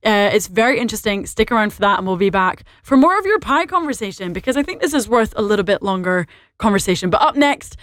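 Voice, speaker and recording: A woman's voice: mid-range voice, animated, fast, fairly bright tone, dry recording, clean studio sound. A woman with an Irish accent presenting a radio show, chatty and bubbly as she reads out listener messages. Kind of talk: lively radio chat. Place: radio studio. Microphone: studio microphone.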